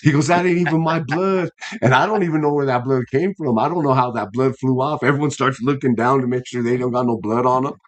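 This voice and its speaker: A man's voice: mid-range voice, quick pace, hardly any pauses. A man in his fifties, a guest boxer in a casual interview, talking earnestly with many restarts and fillers. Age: 50s.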